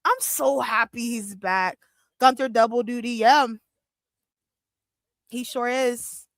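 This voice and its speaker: A young woman with a high voice reacting live as she hosts a watch-along stream. She talks excitably, squeals and breaks into laughter. The sound is dry and close, with no room around it. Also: slow pace, no echo. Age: young adult. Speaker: livestream watch-along host.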